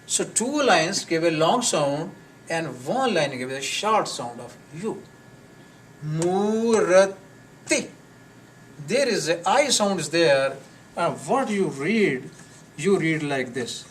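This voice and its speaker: A man teaching a live class on pronunciation, slowly repeating words and sounds for his students. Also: fairly high pitch. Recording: distant mic with faint noise.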